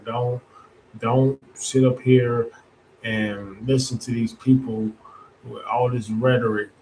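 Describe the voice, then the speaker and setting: A man's voice: mid-range voice, a little mellow, a little hiss or hum, rough recording. A man hosting his own podcast, giving a casual, rambling monologue in colloquial speech, full of restarts and asides. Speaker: podcast host.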